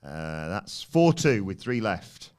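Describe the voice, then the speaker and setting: A man acting as quizmaster on a podcast, reading out questions and keeping score briskly. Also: low voice, sing-song, a little mellow. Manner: brisk, reads questions out clearly.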